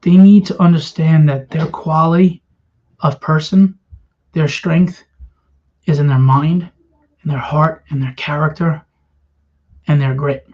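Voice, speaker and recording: A man's voice: fairly high pitch, fairly even intonation, measured pace, pauses often, darkish tone. Bitter, ranting man, lo-fi sound. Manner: bitter, confrontational, rhetorical questions. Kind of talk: impassioned rant to camera. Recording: dull lo-fi sound.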